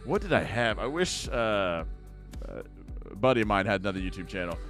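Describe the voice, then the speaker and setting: A young man with a fairly low voice talks casually to his viewers while opening card packs. His chat rambles, with sudden bursts of excitement over good pulls. Faint music plays under him. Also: fairly quick.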